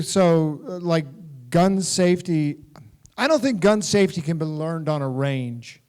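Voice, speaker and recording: A middle-aged man from the United States talks on a convention stage, a touch higher in pitch than most men. He tells stories with animation and keeps breaking into laughter as he goes. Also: a little slow, clean tone. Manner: animated anecdotal storytelling, laughing often. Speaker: guest actor.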